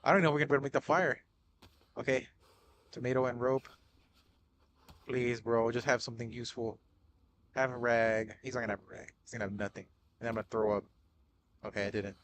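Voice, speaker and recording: A young male gaming streamer gives excitable live gameplay commentary in a medium-pitched, brisk voice broken by long pauses. He swears a lot, calls everyone bro and dude, and panics with repeated shouts, over a little hiss or hum.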